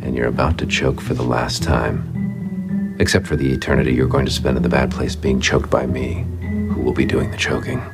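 Sneering male demon, rough gravelly voice, TV clip with music. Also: flat delivery, fairly quick. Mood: gloating. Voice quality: deep gravelly menace. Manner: taunting, theatrical insults. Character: gloating male demon tormentor from the afterlife. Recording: TV clip with loud music underneath.

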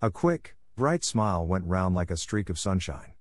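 Brief: male storybook narrator, low voice, dry close recording. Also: dry recording. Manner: measured, expressive. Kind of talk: audiobook reading of a classic novel.

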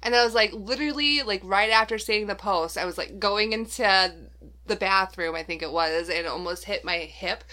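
A woman's voice: mid-range voice, moderate pace. A young adult woman from Minnesota, co-hosting a casual chat and laughing often as she acts out little quotes. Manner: laughs often, animated quoting.

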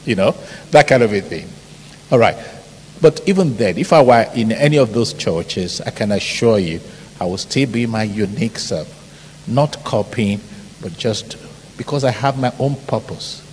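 A man's voice: fairly low pitch, normal speed. Nigerian man preaching in a reverberant hall. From Ibadan, Nigeria. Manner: animated, storytelling with mimicked shouts and laughter. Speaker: pastor. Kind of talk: sermon. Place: large church hall. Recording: hall reverb, faint background noise.

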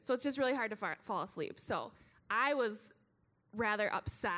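A woman's voice: fairly high pitch, lively intonation, moderate pace, a bit bright. A young woman, telling her side of a story to an audience in a chatty way. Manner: chatty, interjecting, laughing. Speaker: co-speaker, wife.

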